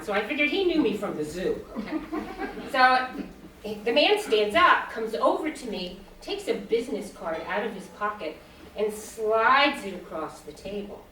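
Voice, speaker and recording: A woman's voice: medium pitch, bright, forceful tone, slight background noise. A woman in her sixties performing a stand-up comedy set, telling stories, acting out the dialogue and laughing at her own jokes. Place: small comedy stage. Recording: roomy sound from a distance.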